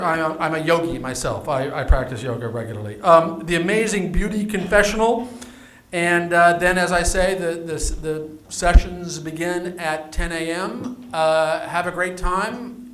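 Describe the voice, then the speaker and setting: A man's voice: a little high, a bit bright. A man acting as master of ceremonies at a live event, speaking with frequent restarts and fillers and a dry sense of humor. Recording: echoey hall.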